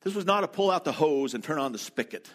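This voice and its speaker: A man preaching a sermon in a relaxed, conversational storytelling way, with quick asides. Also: a little high. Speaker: pastor.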